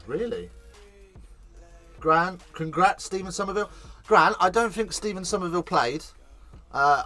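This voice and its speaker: Male host, bright tone, excitable live commentary, faint music behind. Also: fairly high pitch. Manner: chatty, excitable, swears casually. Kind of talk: live watch-along commentary.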